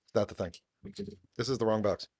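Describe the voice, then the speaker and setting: A man's voice: lowish voice, fairly quick, a little mellow, breathy edge. A man co-hosting a casual geeky stream in an easygoing, self-described timid manner. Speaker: podcast co-host. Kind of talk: casual chat.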